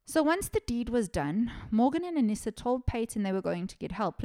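A woman's voice: fairly high pitch, very animated, brisk, hardly any pauses, darkish tone. A woman, hosting a podcast and telling a true-crime story in a casual, chatty way, swearing often and laughing at her own sarcastic asides. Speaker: podcast host.

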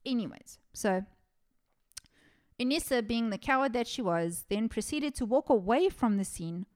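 A woman with a slightly high, darkish voice and lively intonation speaks at a moderate pace. She's a podcast host telling a true-crime story in a casual, chatty way, swearing often and laughing at her own sarcastic asides.

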